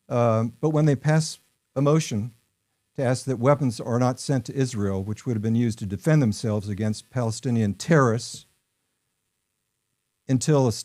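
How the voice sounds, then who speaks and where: A man's voice: fairly low pitch, dark tone. An American man from New York hosting a podcast, talking in a rambling, opinionated way with many ums and uhs. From New York, USA. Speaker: podcast host. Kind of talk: casual political podcast talk.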